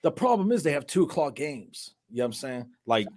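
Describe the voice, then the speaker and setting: A man with a slightly higher voice co-hosts a casual sports podcast. He chats in a relaxed, jokey way and tosses in quick reactions and shout-outs. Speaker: podcast co-host. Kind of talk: casual chat.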